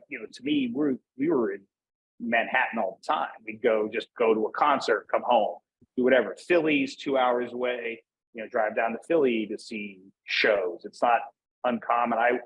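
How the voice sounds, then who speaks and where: A man's voice: medium pitch, slightly rough, lo-fi sound. A man from Northeast Pennsylvania, a guest in a casual interview, talking in a rambling way with many fillers and restarts. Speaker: podcast guest.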